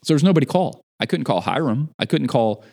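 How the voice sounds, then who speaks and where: Animated man telling a story. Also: mid-range voice, fast, gravelly, husky. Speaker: podcast guest. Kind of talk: casual chat, telling a story.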